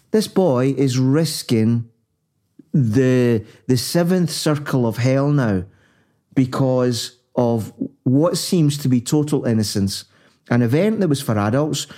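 A man's voice: mid-range voice, dark tone. A man with a Scottish accent co-hosting a casual podcast, rambling through anecdotes and swearing freely. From Scotland. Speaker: podcast co-host.

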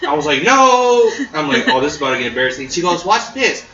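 A man's voice: medium pitch, very fast, pushed and bright. A young man telling a rambling, laughing story in casual chat, swearing freely. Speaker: podcast guest. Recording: roomy, distant, dull mic with crowd.

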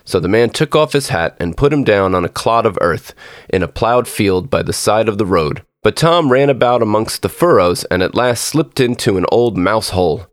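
Male storyteller for a fairy-tale reading; low, measured, expressive delivery, dry close mic. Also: dry recording. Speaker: podcast storyteller. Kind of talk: scripted storybook narration.

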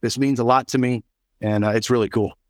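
A middle-aged man talks quickly as a video-call guest, acting out each bit of dialogue in his story. The sound is dry and close, with no room around it. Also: medium pitch, steady tone, darkish tone, dry recording. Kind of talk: storytelling in an interview.

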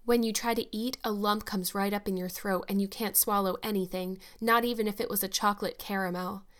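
An imaginative orphan girl of about eleven pours out her words in a gushing, dramatic rush, as a woman reads her in a storybook. She sounds eager and wide-eyed, and her pitch sits a little higher than the narration around her. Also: steady tone, a little fast, a bit bright, lightly acted.

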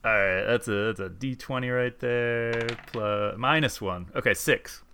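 A man playing a tabletop game, chatting in an animated way and laughing often. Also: mid-range voice, measured pace, a little hiss or hum. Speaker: player. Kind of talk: casual tabletop game play.

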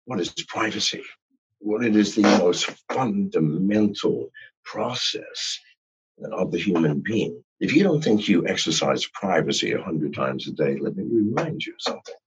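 A man speaking as a podcast guest, ranting in a profane, animated way. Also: sits low, normal speed, slightly rough, highs cut off. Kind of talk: podcast interview.

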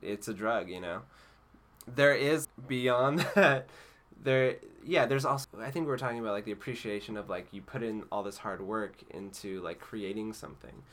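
A man's voice: fairly low pitch, normal speed, fairly bright tone. A man being interviewed as an actor, chatting casually, laughing often and rambling with fillers. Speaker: actor guest.

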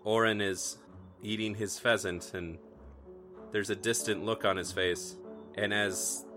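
A man's voice: on the low side, steady tone, unhurried, over music. A man narrating a tabletop role-playing game as game master, telling the story in dramatic second person.

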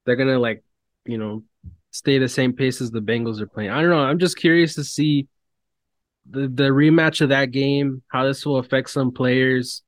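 A man's voice: mid-range voice, moderate pace, no echo. A man co-hosting a sports podcast, talking casually, swearing a lot and venting about announcers. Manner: profane, animated, mocks announcers. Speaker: podcast co-host.

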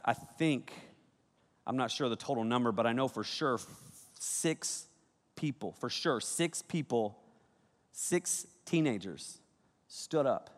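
A man preaching a youth sermon, energetic and conversational, with sudden loud bursts. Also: medium pitch. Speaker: youth pastor. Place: large auditorium. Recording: reverberant hall.

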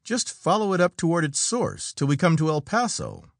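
A man reads the part of an eager young geologist who bursts out in urgent, animated cries, his voice lifted a little above the narrator's own. The sound is dry and close, with no room around it. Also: fairly high pitch, normal speed, vocal fry, no echo, voice pushed up, full character voice. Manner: urgent exclamations.

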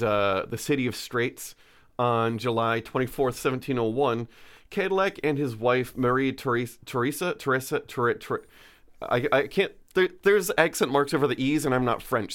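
A man's voice: mid-range voice, a bit bright. Rambling man telling a story. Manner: rambling, stumbles over names, many fillers. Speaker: podcast co-host telling a history story. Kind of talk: casual storytelling chat.

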